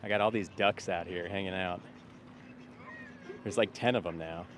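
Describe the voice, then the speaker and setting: A man's voice: low voice, steady tone, normal speed, a little hiss or hum. Blunt, ranting middle-aged man outdoors. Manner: blunt, ranting, swears freely; calls out to passersby in a loud upbeat voice. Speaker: vegan street activist livestreaming. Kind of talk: casual livestream talk to viewers. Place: outdoors by a street.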